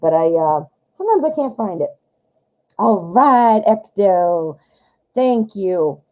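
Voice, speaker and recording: Woman host, chatty live tarot reader, mellow tone, lively delivery. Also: medium pitch, a little slow, low-quality recording. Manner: chatty, animated, greets viewers by name. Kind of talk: casual live-stream chat.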